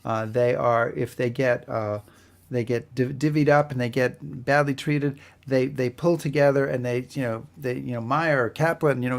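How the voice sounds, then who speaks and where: Gravelly-voiced man telling an anecdote. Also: mid-range voice, fairly even intonation. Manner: halting, with frequent repeated starts. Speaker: history podcast co-host. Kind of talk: casual conversational storytelling.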